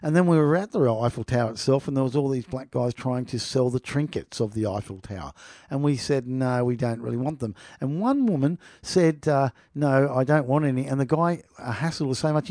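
A man's voice: mid-range voice, animated, a little fast, a little mellow, no room sound, clean studio sound. A middle-aged man hosting a podcast, telling travel stories in a rambling way and reading from an article, often repeating "people" for emphasis. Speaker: podcast host. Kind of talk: casual monologue and article reading.

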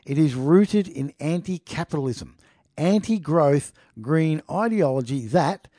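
A man's voice: on the high side, lively intonation, unhurried, warm tone, no echo, studio quality. Mocking man reading the news. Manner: indignant, mocking, keeps addressing listeners as "people". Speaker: online political commentator. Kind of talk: reading a news article aloud with running commentary.

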